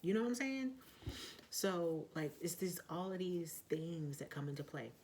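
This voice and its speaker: A woman talking in a casual vlog monologue, blunt and profane, with lots of fillers and emphatic, loud outbursts. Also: fairly low pitch, normal speed, slight background noise. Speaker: vlogger.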